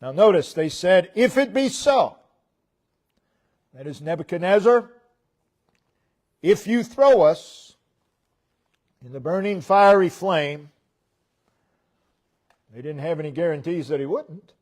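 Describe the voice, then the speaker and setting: Man, preacher, church sermon, unhurried delivery, repeats phrases, line endings dropping soft. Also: high voice, expressive.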